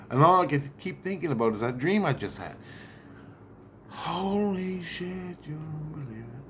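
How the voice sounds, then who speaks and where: A man's voice: a little high, expressive, moderate pace, slight background noise. A man telling a long account of a dream in a rambling, profane way, with many restarts and asides. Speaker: vlogger.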